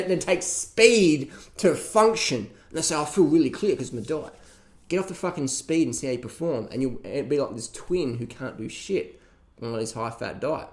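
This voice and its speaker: A man ranting casually and profanely, mocking others with laughs as he reacts to a documentary. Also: mid-range voice. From Australia. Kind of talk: casual rant.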